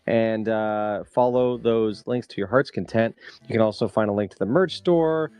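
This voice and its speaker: A man's voice: fairly low pitch, moderate pace, a little mellow, clear, resonant tone, no echo. A man in his thirties co-hosting a podcast, giving a wry, mock-formal outro. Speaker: podcast co-host. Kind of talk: casual chat and scripted show outro.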